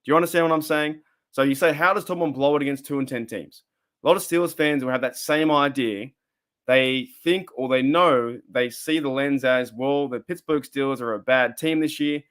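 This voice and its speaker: A man's voice: mid-range voice, moderate pace, fairly bright tone. A young Australian man hosting a casual live stream, rambling and repeating himself as he reads the chat.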